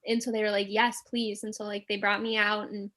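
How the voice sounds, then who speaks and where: A young woman telling a story as a podcast guest, animated and acting out the quotes, with many filler words. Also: medium pitch, fairly quick. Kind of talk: casual storytelling.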